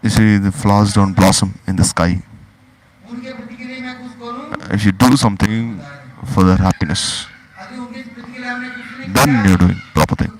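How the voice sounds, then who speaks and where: A man's voice: sits low, steady tone, a little slow, pauses often, slight background noise, poor audio. A man giving a devotional discourse, pressing his listeners with repeated rhetorical questions. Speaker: spiritual teacher.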